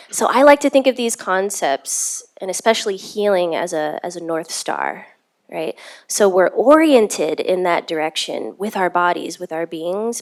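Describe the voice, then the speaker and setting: Reflective woman neuroscientist on a panel. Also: medium pitch. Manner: conversational, ends points with "right?". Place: panel event in a university learning theater.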